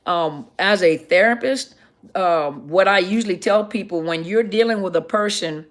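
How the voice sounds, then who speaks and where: A woman's voice: fairly low pitch, moderate pace. A middle-aged woman, a counselor, hosting a casual livestream Q&A, chatty and greeting viewers by name as she reads their comments.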